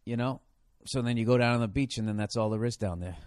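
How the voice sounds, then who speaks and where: A man's voice: medium pitch, fast talker, a little mellow, dry recording, studio quality. A man hosting a solo podcast, rambling in a sarcastic, profanity-heavy rant. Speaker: podcast host.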